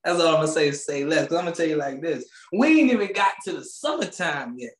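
A man co-hosting a podcast, ranting loudly with swearing and frequent laughter, speaking. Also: a little high, fast, reverberant. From Maryland, USA. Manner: loud, animated, swearing, laughing often. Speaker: podcast co-host. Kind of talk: casual comedic rant.

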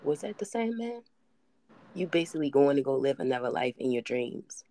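A man co-hosting a podcast in casual chat, telling relaxed stories in slang. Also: medium pitch, fairly quick. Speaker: podcast co-host.

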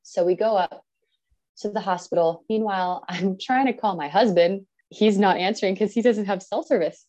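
A woman in her thirties, a podcast guest, telling a personal story in an earnest, animated way and acting out what people said. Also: medium pitch, moderate pace, low-quality recording. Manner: earnest, animated, acts out quoted speech.

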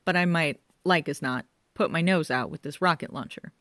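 Woman playing a deadpan young male bobby for an audiobook, dry close sound. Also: on the high side, moderate pace, no room sound. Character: blunt young male police constable. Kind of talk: audiobook character voice.

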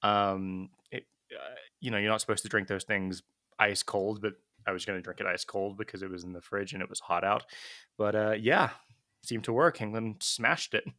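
A man's voice: on the low side, moderate pace, bright, forceful tone, no room sound, studio quality. A man from California co-hosting a podcast, telling chatty anecdotes in casual conversation. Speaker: podcast co-host. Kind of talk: casual chat.

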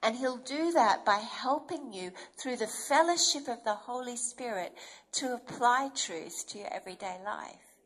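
A woman's voice: fairly high pitch, lively intonation, measured pace, a bit bright. A woman preacher giving an earnest, emphatic sermon and acting out inner voices as she goes.

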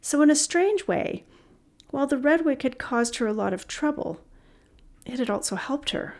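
A woman reading a story aloud as an audiobook narrator, steady and expressive. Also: high-pitched, moderate pace.

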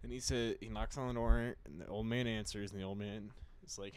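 Guy rambling through jokes w friends, smooth clear voice, dry close sound. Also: on the low side, fairly quick, few pauses, dry recording. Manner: rambling storyteller with frequent restarts. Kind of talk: casual chat, telling jokes.

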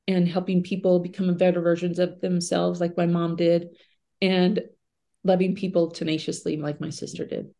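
On a podcast, a middle-aged woman tells personal stories in a warm, mellow voice pitched slightly low. Her delivery is earnest and conversational, and she leans on everyday filler words while reflecting.

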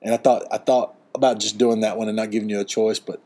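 A man in his forties hosting a casual podcast chat, relaxed and rambling with frequent chuckles. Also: fairly low pitch, fast. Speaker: podcast host. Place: beach vacation home.

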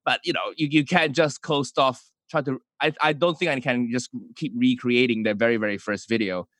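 A man from Malaysia talks through his answers in a relaxed interview, full of small restarts and fillers. His voice sits at an ordinary middle pitch, recorded dry and close with no room sound. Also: moderate pace, dry recording. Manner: hesitant, many restarts and fillers. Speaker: comedian and YouTuber guest.

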